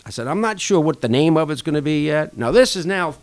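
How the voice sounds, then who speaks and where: A man guest on a podcast, casually telling a long anecdote and acting out conversations with a rising and falling voice. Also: brisk. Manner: animated anecdote-telling, acting out dialogue with shifting pitch. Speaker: podcast guest, restaurant association chair. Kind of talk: casual storytelling interview.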